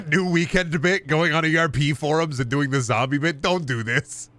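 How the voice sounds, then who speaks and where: A man's voice: on the high side, normal speed, a bit bright. A man streaming a game, chatting casually and riffing through absurd comedy bits in a rambling way.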